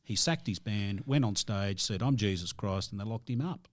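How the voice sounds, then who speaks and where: A low-pitched man chats casually, feeding questions and quips to his co-host. His voice is a notch deeper than most men's. The sound is close and dry, with no room. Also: moderate pace, no echo. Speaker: radio co-host. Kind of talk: casual chat.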